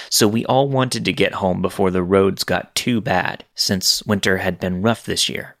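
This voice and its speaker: Low-voiced man narrating scary stories. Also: fairly bright tone.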